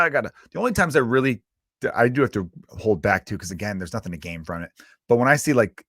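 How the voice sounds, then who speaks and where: Comedian host, male, mid-pitched, rambling exasperated monologue, dead-dry booth sound. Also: fairly bright tone, no echo. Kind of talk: casual comedic rant.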